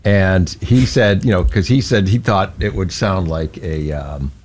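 A man's voice: low-pitched, unhurried, darkish tone. A man hosting a morning radio show, chatty and rambling in casual banter. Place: radio studio.

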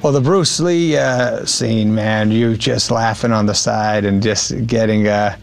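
A man talking in a relaxed interview, halting and full of fillers. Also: on the low side, vocal fry, faint music behind. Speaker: actor in an interview. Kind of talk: relaxed conversation.

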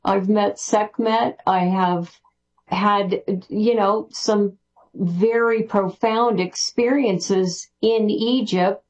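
A woman guest on a radio interview, talking excitedly and rambling with restarts. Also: mid-range voice, very slow, rough recording. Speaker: spiritual author guest. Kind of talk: interview answers.

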